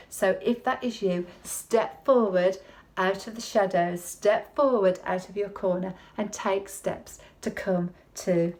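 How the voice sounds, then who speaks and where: A woman's voice: mid-range voice, darkish tone. A woman giving a conversational sermon in a chatty, folksy way, often turning to the listener with tag questions. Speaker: preacher.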